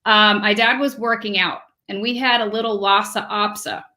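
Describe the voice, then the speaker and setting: A woman's voice: mid-range voice, fairly even intonation, moderate pace, bright, forceful tone. A young woman hosting a livestream, telling a funny family story in a chatty, giggly way. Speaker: livestream host. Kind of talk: casual chat.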